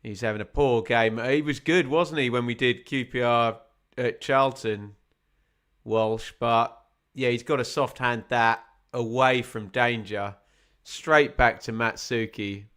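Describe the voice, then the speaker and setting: Bloke calling a footy match live, chatty and wry, bright sharp voice. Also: male voice, mid-range voice, unhurried, clean tone. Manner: chatty, wry asides, gets excited at chances. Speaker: watch-along commentator. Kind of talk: live football watch-along commentary.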